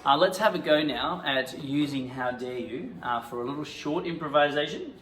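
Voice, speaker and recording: A man teaching an acting lesson, jumping into loud, indignant improvised scenes. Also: fairly high pitch, lively intonation, normal speed. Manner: bursts into loud indignant outbursts during scenes. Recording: echoey room.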